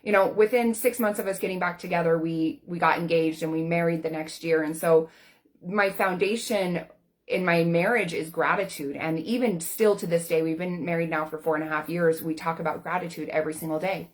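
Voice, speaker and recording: Earnest woman coach, slightly low voice. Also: steady tone, fairly quick. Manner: earnest and candid, with casual fillers. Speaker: life coach. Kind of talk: personal talk to camera.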